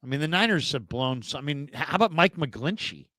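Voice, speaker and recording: A man's voice: animated, a little fast, pushed and bright, no echo, poor audio. A middle-aged man, a sports talk host, telling rambling anecdotes about past players in casual talk. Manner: rambling anecdotes, mimics players in a high goofy voice.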